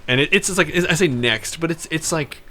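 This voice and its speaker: A young man telling a story in a casual, animated way, full of fillers and restarts. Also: on the high side, brisk, slight background noise. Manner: animated, chatty, many fillers.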